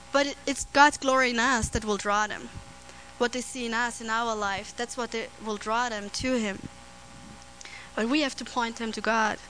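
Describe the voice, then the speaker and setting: A woman preaching a sermon on scripture, earnest and prone to restarts and soft laughter. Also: fairly high pitch, a little hiss or hum, poor audio.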